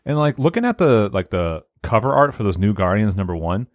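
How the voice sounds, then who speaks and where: A man's voice: fairly low pitch, very animated, brisk, no room sound, clean studio sound. A man co-hosting a casual podcast, teasing and crude in his jokes. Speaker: podcast co-host.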